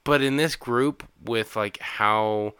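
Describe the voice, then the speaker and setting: Guy recapping a movie w his buddy, crisp clear voice, no room echo, swears a lot, can't believe it. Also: medium pitch, takes it slowly. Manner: animated, incredulous, swearing, acts out characters' lines. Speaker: podcast co-host. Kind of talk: casual movie-recap chat.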